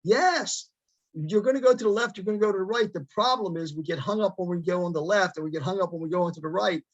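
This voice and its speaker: A man's voice: high voice, racing, dry recording, muffled recording. A man speaking on a group call in an emphatic, preachy way, building his points on metaphors. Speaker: veteran group member. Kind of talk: motivational remarks on a group call.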